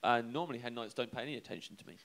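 A young man telling a comic anecdote on a live show, halting and self-deprecating, chuckling between lines. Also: mid-range voice, fairly bright tone. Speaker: comedian telling a story.

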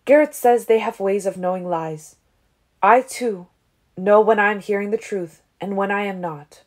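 A frightened male vampire, voiced by a woman narrator in an audiobook. His voice is high and nervous, pushed a little louder than the narration. He sounds eager to be believed. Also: normal speed, close to an everyday voice. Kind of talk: audiobook character reading.

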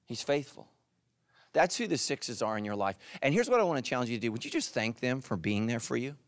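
A male pastor preaching with a lively voice that swings high and low. He talks straight to the people in front of him, and the sound is dry and close. His pitch sits in a middle range for a man. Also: brisk, no echo. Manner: animated, addresses listeners directly. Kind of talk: sermon.

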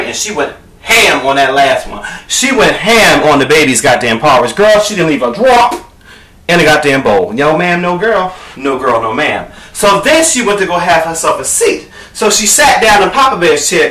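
A man's voice: fairly high pitch, big pitch swings, moderate pace, bright, forceful tone, slight background noise. A man telling a profane comic story in a sassy, camp manner, often calling the listener "girl". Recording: echoey room, distant mic.

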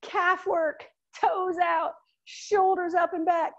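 A woman's voice: very high voice, dull audio. A woman in her thirties leading a workout class, counting reps and cheering people on. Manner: counts reps slowly with upbeat encouragement. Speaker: fitness instructor.

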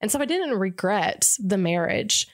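Brief: woman, 40s, radio co-host as interview guest, earnest reflective storyteller, mid pitch. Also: lively intonation, measured pace. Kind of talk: candid personal interview.

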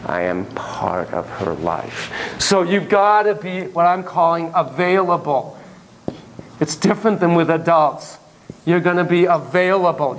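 Guy lecturing a class, high voice that jumps all over, emphatic and joking around. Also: slight background noise. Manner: animated and emphatic, playful asides. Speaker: child psychotherapist teaching students.

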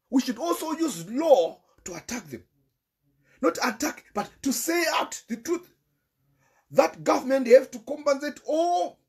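High-voiced Zimbabwean man, husky and emphatic. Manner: emphatic and repetitive, mixing English with Shona. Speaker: political commentator. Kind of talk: impassioned political commentary.

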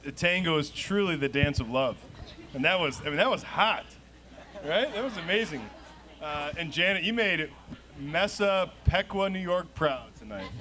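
A man's voice: a little high, sing-song, normal speed, bright, forceful tone. A man judges a live charity dance contest in a slightly raised voice. He is emphatic in his praise.

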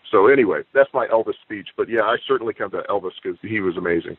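Male author guest, storyteller type, lowish voice, phone-line sound. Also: fast, few pauses, breathy edge, dry recording. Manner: expansive anecdotal storyteller. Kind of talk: casual interview chat. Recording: tinny phone-line audio, dry.

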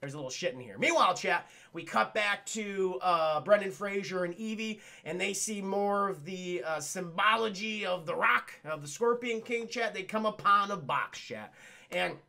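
Male streamer, casual profane recap, bright and sharp-toned voice. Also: sits high, measured pace, gravelly. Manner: rambling, crude, addresses chat constantly. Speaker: livestream film reviewer.

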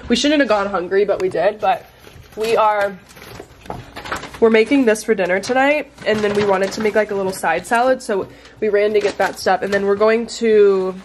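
A woman's voice: medium pitch, normal speed, noisy background. A young woman in casual, upbeat vlog chat, talking straight to her viewers from a hiking trail and her home. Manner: chatty and upbeat, addressing viewers directly. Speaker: vlogger.

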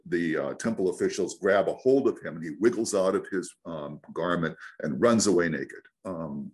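A priest giving a sermon in a reflective way, with frequent "um"s and restarts. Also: male voice, deep voice. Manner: reflective, many fillers and restarts.

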